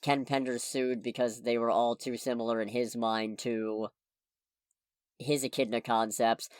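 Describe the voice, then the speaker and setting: A man's voice: medium pitch, no echo. Podcast guy ranting sarcastic about news, dry mic, no room sound. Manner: sardonic, rambling news recaps. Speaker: podcast host. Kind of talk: casual podcast chat.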